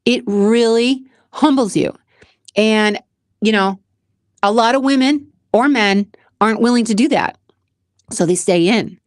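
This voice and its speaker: A woman's voice: fairly high pitch, measured pace, long pauses, dry recording. Earnest woman with a dry, close sound. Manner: earnest, repetitive, emphatic. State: close to tears at times. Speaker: channel host. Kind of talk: personal motivational monologue.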